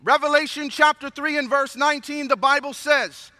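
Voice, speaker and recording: A man preaching a sermon to a congregation, moving from a hushed prayer to animated storytelling. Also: very high voice, normal speed, few pauses. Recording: long hall reverb.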